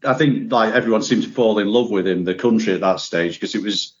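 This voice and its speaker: A man's voice: on the low side, a little fast. A man as a podcast guest, talking casually and enthusiastically about his favourites. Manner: relaxed, opinionated, enthusiastic. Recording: dull lo-fi audio.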